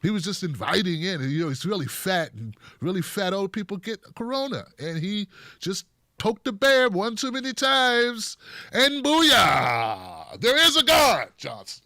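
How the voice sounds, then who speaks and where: A man hosting a comedic political commentary show, talking in an animated, sarcastic and profane way. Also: high-pitched, moderate pace, no room sound, clean studio sound. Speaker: host.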